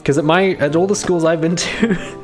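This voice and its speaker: A man's voice: on the high side, fairly even intonation, moderate pace, faint music behind. A young man live-streaming a visual novel, reading the text aloud and breaking off into chatty, profane commentary.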